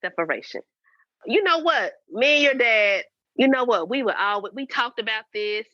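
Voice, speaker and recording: A woman's voice: a little high, expressive, normal speed, sharp tone, dry recording. A woman in her fifties telling her life story to her daughter, in an earnest, repetitive manner that sometimes turns preachy. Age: 50s. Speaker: guest, host's mother. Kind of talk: candid personal storytelling. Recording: dry, slightly dull lo-fi sound.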